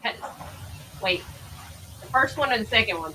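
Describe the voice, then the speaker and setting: A woman's voice: a little high, animated, normal speed, pushed and bright, a little hiss or hum, rough recording. A woman hosting a livestream, chatting casually with her viewers as she comments on a trial. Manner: chatty, talks over the played audio. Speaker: livestream host.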